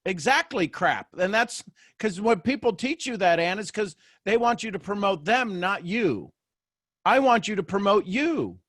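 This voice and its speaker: Speaking a little slowly, a man with a fairly high voice delivers a motivational talk to a live online audience via video call as host of his show. He jokes animatedly and keeps restarting lines, and the audio is dry and close with no room sound.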